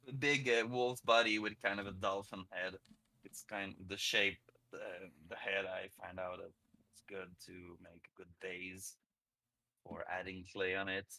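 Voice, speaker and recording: A man from Quebec with a French-Canadian accent, chatting casually on a live stream while he works, laughing often and pausing between phrases. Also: low-pitched, little pitch movement, creaky, bright, forceful tone.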